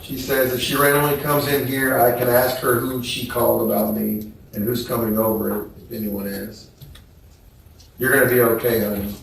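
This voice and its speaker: A man testifying at a trial, reading text messages aloud in a slow, subdued, flat way. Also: medium pitch, gravelly, slight background noise. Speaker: trial witness. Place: courtroom. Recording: echoey courtroom from far off.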